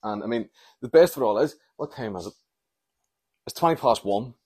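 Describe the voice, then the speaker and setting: A man's voice: mid-range voice, expressive, brisk, mellow, husky. A man, rambling and swearing through a comic solo podcast monologue recorded at home at night. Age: 40s. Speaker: podcast host.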